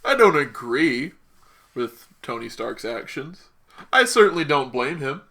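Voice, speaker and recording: Bright-voiced man rambling through a podcast recap. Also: medium pitch, big pitch swings, measured pace. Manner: rambling, joking, acts out quotes in voices. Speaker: podcast co-host. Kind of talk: casual chat.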